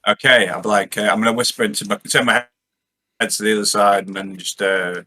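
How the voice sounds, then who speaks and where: Excitable, very bright-voiced man playing a tabletop game. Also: fairly low pitch, a little fast. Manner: giggly, excitable, rambling. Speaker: player. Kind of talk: casual tabletop play.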